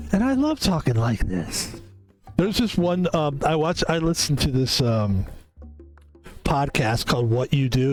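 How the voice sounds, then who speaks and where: A man streaming from home, rambling through a casual sign-off with music playing behind him. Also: on the high side. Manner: rambling, chatty, self-promoting. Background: background music.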